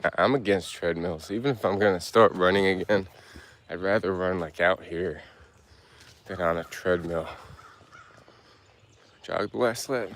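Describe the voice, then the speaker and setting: Walking a hilly wooded trail on a casual livestream, a man rambles in a low, unhurried voice that's a bit bright, pausing often. His talk is loose and full of filler words, and some words come out slurred.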